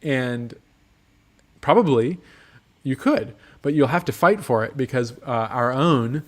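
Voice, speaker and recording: Reading viewer comments on a casual livestream from a motorcycle workshop, a man speaks slowly in a mid-range voice. His talk is relaxed and rambling, riddled with ums and do-overs.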